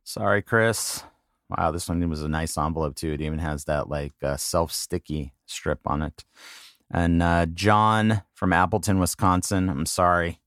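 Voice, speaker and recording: Low-voiced man, halting and apologetic. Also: steady tone, a bit bright, dry recording, clean studio sound. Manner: halting, apologetic, self-deprecating; reads names slowly one by one. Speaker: podcast host. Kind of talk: casual solo monologue.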